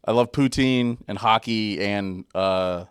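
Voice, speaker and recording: A man's voice: lowish voice, slow, clean tone, dry recording, studio quality. A young man co-hosting a podcast, casually teasing his co-host and poking holes in his arguments. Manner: teasing, plays skeptic. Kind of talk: casual banter.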